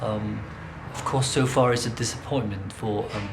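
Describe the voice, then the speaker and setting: A man working as an eye surgeon, speaking calmly and reassuringly with frequent ums, in a documentary interview and at a patient's bedside. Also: on the low side, normal speed, gravelly, noisy background. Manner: calm, reassuring, hesitant with ums.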